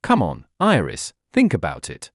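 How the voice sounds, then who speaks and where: A man's voice: lowish voice, huge pitch swings, normal speed, husky, no room sound, clean studio sound, pitched below the performer's own voice, exaggerated voice. A man voicing Toxic, a brash, goofy young man who mocks his friends and shows off in a storybook reading. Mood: playful. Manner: mocking, showy.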